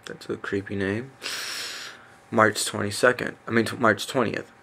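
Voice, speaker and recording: A man reading a list aloud in a casual, halting way, stumbling over names with fillers and self-corrections. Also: lowish voice, fairly even intonation, creaky, sharp tone, husky. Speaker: reader. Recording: faint background noise.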